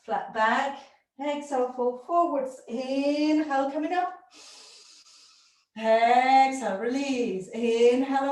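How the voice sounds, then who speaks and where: A woman's high, slightly mellow voice carries through a live yoga class she's teaching. She issues short, encouraging commands while breathing and moving with the class, recorded on a distant mic in a room full of echo.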